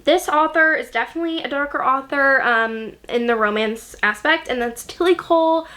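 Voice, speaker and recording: A woman's voice: high-pitched, moderate pace, sharp tone. A young woman chatting casually about books she loves, gushing, with lots of ums and likes. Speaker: book vlogger. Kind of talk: casual chat.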